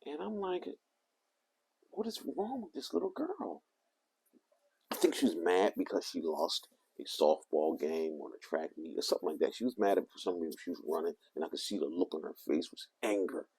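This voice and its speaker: An older man telling a rambling, animated story to the camera. He often corrects himself as he talks. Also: very deep voice, quick pace, breathy edge. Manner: animated, meandering, self-correcting. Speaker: vlogger.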